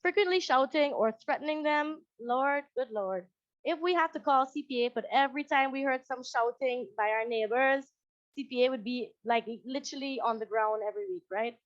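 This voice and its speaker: A woman's voice: high-pitched, normal speed, no echo, dull audio. A woman psychologist with a Guyanese accent giving a conversational presentation over a video call, often acting out quoted parents.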